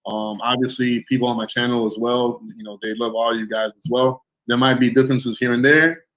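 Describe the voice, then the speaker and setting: A man hosting a casual online interview, relaxed and easygoing, often trailing off with fillers. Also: mid-range voice, fairly quick, low-quality recording. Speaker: interview host.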